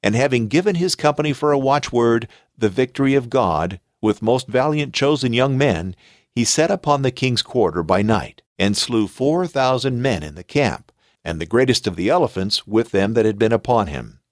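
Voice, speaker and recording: A man reading scripture aloud in a slow, solemn, deliberate manner. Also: medium pitch, expressive, no echo, clean studio sound. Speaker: scripture reader.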